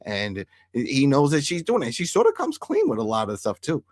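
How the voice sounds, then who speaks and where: A man's voice: medium pitch, wildly swooping pitch, fairly quick, no echo, clean studio sound. A man co-hosting a casual TV recap show, talking through the plot and quoting the characters as he goes. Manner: conversational, quotes characters in retelling. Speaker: podcast co-host.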